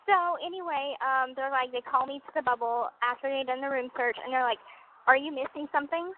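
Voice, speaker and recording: A young woman with a high voice speaks over a tinny prison phone line with faint hiss behind. She tells her story in a relaxed, chatty way, with soft laughs between lines. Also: a little fast. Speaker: inmate on a prison call. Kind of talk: casual phone chat.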